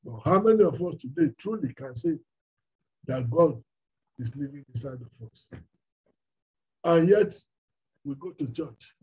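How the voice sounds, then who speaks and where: A man's voice: a little high, lively intonation, unhurried, long pauses, a little mellow, breathy edge, rough recording. A man with a Nigerian accent preaching a sermon, emphatic and full of rhetorical questions.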